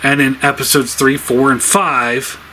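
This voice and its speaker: A man's voice: mid-range voice, level tone, measured pace, pushed and bright, slight background noise, rough recording. A man giving a casual spoken review, rambling with many fillers, laughing often, sounding exasperated.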